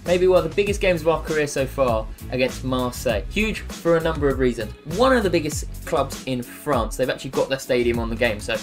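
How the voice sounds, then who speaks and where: Sarcastic man with a lively voice. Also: medium pitch, brisk, hardly any pauses, soft background music. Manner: sarcastic and jokey, with bursts of frustration. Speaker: gaming commentator. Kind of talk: casual gameplay commentary.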